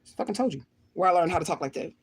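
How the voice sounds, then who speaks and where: On the low side and slightly rough, this woman's voice is animated and racing. A mother hosting her own livestream, she reads viewer comments and responds with blunt, profane bursts, frequently repeating what she says.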